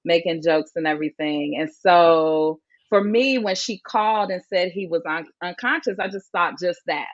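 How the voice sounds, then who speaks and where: A woman's voice: fairly low pitch, moderate pace, hardly any pauses, dry recording, highs cut off. A woman guest speaking earnestly and reflectively in an interview, telling a personal story. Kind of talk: conversational interview.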